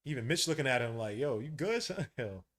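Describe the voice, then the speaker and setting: Excitable New man calling a game. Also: mid-range voice, a little fast. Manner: excitable, slangy, shouts at big plays. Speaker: podcast host. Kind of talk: live game watch-along commentary.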